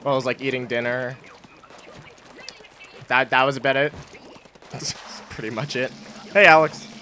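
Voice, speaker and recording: A man's voice: medium pitch, fairly even intonation, moderate pace, sharp tone, slight background noise. A young man from Canada chatting casually on a game live stream, rambling and self-mocking, laughing often. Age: young adult.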